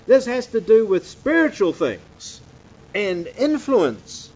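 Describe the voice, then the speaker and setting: In a church or hall with slides, a man preaches a conversational, emphatic sermon to a room and an online audience, often dropping "man" into his lines. His high voice swings widely in pitch, and he speaks slowly with a slightly mellow tone on a lo-fi recording.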